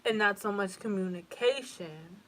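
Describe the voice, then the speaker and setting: A woman's voice: mid-range voice, moderate pace, a bit bright. A young woman giving a casual tarot reading to camera, rambling and emotional, with frequent swearing and fillers. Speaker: tarot reader.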